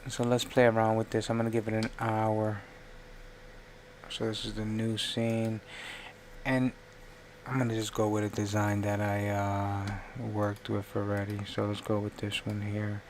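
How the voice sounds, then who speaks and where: A man's voice: lowish voice, monotone, measured pace, a little mellow, slight background noise. A man live-streaming while he works on a design, thinking aloud in a rambling, self-correcting way.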